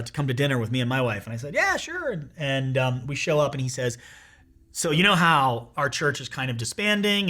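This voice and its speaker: Bright-voiced man in his forties. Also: a little high. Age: 40s. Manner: candid and rambling, with many fillers and restarts. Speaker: worship pastor and podcast host. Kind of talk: casual personal storytelling.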